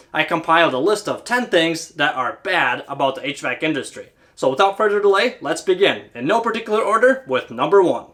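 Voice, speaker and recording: A man's voice: on the high side, fairly bright tone. A man who works as a service technician, talking to camera in a casual, conversational way. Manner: conversational, frequent "you know".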